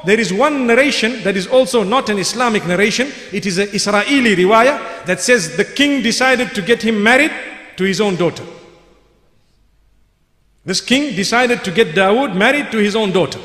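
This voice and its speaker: A man's voice: high-pitched, lively intonation, moderate pace, fairly bright tone. A man giving a sermon, telling a story in a vivid, emphatic way and repeating key phrases for weight. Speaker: Islamic preacher. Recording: echoey hall with long reverb.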